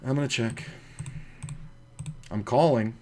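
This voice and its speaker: A man's voice: medium pitch, slow pace, dark tone, slight background noise. A man streaming an online poker session, talking casually and profanely to himself about his hands and telling stories between plays. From United States. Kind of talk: casual commentary while playing online poker.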